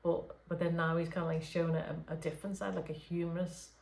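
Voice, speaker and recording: A woman's voice: fairly low pitch, level tone, quick pace, creaky, roomy sound. A woman speaking as a spirit medium in an unscripted late-night session, hesitant, with many fillers and restarts. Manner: talks softly at late night hours. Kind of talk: unscripted channelling session talk.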